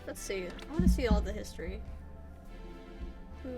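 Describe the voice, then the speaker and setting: A young woman chatting her way through a game stream, giggly and rambling. Her voice sits a little high, and faint music plays behind her. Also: animated, normal speed, long pauses. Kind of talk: live gameplay commentary.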